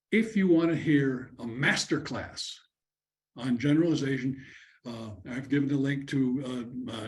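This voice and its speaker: Man presenting a lecture over a video call, conversational, slips into student and counselor voices, mid-pitched. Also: darkish tone. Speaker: conference presenter.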